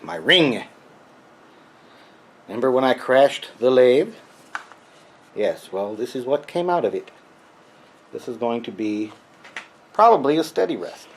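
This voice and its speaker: Workshop grouch, mock Freudian accent, dry sarcasm, mid-pitched voice, faint noise behind. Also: male voice, expressive, a little slow, long pauses. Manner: grumpy, dry sarcastic asides. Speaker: workshop vlogger. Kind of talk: rambling workshop monologue. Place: home workshop.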